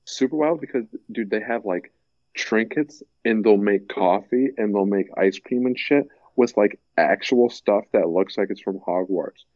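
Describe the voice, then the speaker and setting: A young man chatting casually, rambling with lots of fillers and breaking into animated impressions. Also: lowish voice, measured pace, no room sound, muffled recording. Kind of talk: casual chat.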